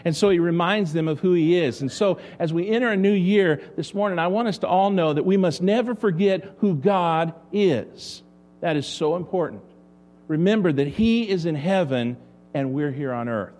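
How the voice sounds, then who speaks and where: A man's voice: sits high, normal speed, a little mellow. A man preaching a sermon as pastor, asking the congregation rhetorical questions.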